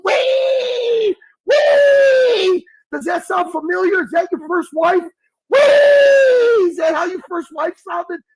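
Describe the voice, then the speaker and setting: A man's voice: very high voice, creaky, poor audio. A man hosting a livestream, taunting and mocking a caller in a heated argument, calling him "bud" over and over. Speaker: livestream host. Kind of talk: heated live-stream argument.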